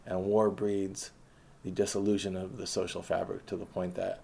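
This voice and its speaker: A man's voice: deep voice, flat delivery, moderate pace, creaky, dark tone, breathy edge. A man delivering an impassioned political monologue, ranting with frequent restarts and hesitations. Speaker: political commentator.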